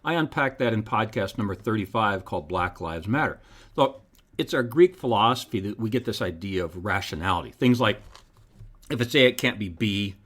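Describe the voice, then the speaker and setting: A man's voice: lively intonation, moderate pace, fairly bright tone. A man hosting his own podcast, reading scripted commentary in an emphatic, preacherly way. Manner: emphatic, preacherly delivery with wide pitch swings. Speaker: podcast host.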